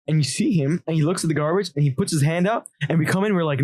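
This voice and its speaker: A man co-hosting a podcast, telling a childhood story in an excitable way, laughing as he goes. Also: on the high side, fast, hardly any pauses, no echo. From Lebanon. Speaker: podcast co-host. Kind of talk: casual chat, storytelling.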